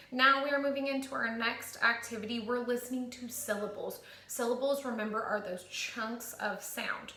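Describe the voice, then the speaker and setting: A woman teacher leading a phonics lesson for children, reading word pairs slowly and clearly. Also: a little high, pushed and bright. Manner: slow, clear word-by-word prompting. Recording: echoey room.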